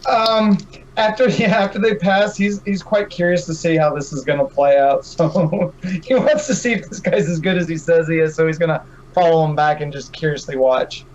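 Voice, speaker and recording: A man's voice: fairly high pitch, moderate pace, dull audio, slight background noise. A man playing a tabletop game, hesitantly describing what his character does. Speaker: player. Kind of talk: casual tabletop play.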